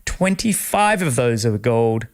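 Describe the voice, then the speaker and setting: A man's voice: medium pitch, takes it slowly. Enthusiastic Australian man hosting. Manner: enthusiastic, animated storytelling. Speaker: podcast host. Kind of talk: casual interview chat.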